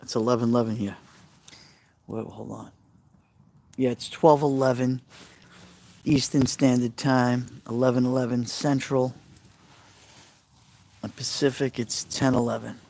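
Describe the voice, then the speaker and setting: A man's voice: mid-range voice, fairly even intonation, unhurried, vocal fry, pauses often, a little mellow. A man with a Brooklyn Italian American accent, chatting casually on a live stream and answering viewers' messages aloud. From New York. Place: outdoors by a fire pit at night.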